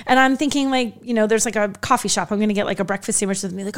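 A woman co-hosting a podcast in casual chat, an animated storyteller who laughs often and acts out other people's voices. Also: medium pitch, very fast, few pauses. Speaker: podcast co-host, car journalist.

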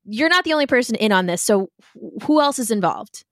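High excitable woman player. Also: fairly quick, no echo, studio quality. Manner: excitable, reactive.

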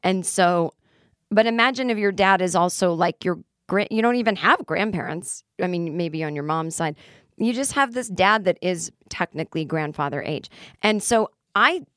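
A woman's voice: fairly low pitch, expressive, moderate pace, fairly bright tone, no echo, clean studio sound. A middle-aged woman hosting a solo podcast, ranting sarcastically and acting out imagined conversations. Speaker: podcast host. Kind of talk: casual solo podcast monologue.

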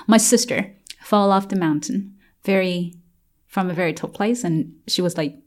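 Woman recalling her childhood, halting. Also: lowish voice. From China. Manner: halting, many fillers and restarts; laughs while telling hard memories. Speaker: interviewee. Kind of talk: personal storytelling in an interview.

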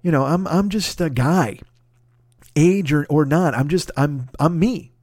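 A man's voice: on the high side, a little slow, a little mellow, no room sound, studio quality. A man in his fifties hosting a casual solo podcast, rambling and swearing freely with self-mocking asides. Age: 50s. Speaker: podcast host.

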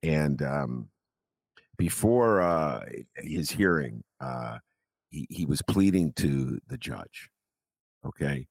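A man hosting a political talk radio show, animated and incredulous as he chats with his guest. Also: very deep voice, takes it slowly, vocal fry, pauses often, husky, no echo.

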